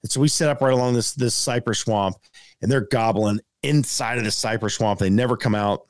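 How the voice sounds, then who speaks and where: A man telling a casual story as a podcast guest, rambling and animated, full of fillers like "man" and "dude.". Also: mid-range voice, brisk, dry recording, clean studio sound.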